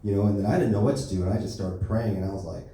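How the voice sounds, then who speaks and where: A young man doing a stand-up set at an open mic, delivering deadpan one-liners with lots of filler words. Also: on the low side, rapid-fire. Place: comedy club stage. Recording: echoey club, distant mic, faint noise.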